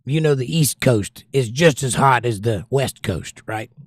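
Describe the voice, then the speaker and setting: A man's voice: mid-range voice, expressive, unhurried, husky, dry recording, clean studio sound. A man hosting a casual livestream, reading out viewer comments and answering them in an opinionated, sarcastic rant. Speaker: livestream host.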